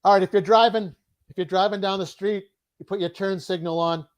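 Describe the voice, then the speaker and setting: High-voiced Boston host. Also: male voice, steady tone, brisk, clear, resonant tone. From Boston, USA. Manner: upbeat, repeats key words, quizzes his guest. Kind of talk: live online interview.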